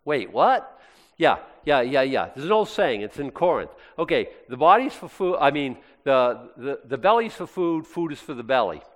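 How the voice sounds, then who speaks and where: A man preaching a sermon as pastor, animated and jokey, with playful asides. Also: mid-range voice, normal speed. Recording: long hall reverb.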